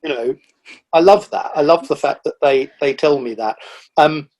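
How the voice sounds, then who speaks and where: A middle-aged man, a guest on a podcast, telling animated stories about the wildlife he sees, with lively quoted asides. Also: a little high, moderate pace. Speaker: guest, nature writer. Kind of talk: casual conversational interview.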